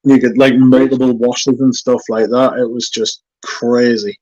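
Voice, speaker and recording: A man hosting a fragrance livestream, chatting casually and reading viewer comments aloud in a relaxed, chatty way. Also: mid-range voice, measured pace, dry recording, muffled recording. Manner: relaxed, chatty, yawning now and then.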